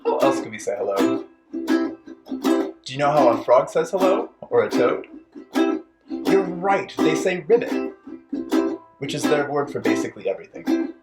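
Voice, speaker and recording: Playful, lively children's storytime host. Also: medium pitch, normal speed, pauses often, loud music behind the voice. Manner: playful, encouraging, talks directly to young children. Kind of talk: children's storytime with songs and rhymes.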